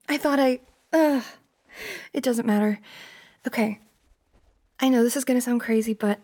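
A young woman with a high voice acts out a one-sided role-play scene, taking her time over each line. She sounds flustered and breathy, sighing often and dropping into half-whispers. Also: darkish tone. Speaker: audio role-play performer.

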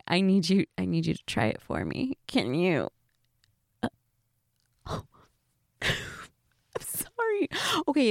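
Giggly gravelly-voiced woman. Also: medium pitch, no room sound, studio quality. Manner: giggly, chatty, rambling. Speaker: best friend. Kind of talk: casual chat role-play to a listener.

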